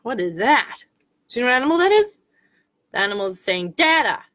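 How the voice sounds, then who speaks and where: Animated woman reading to children. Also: a little high, fast talker. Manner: playful, animated, makes animal sounds. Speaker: children's librarian. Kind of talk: reading picture books aloud to children.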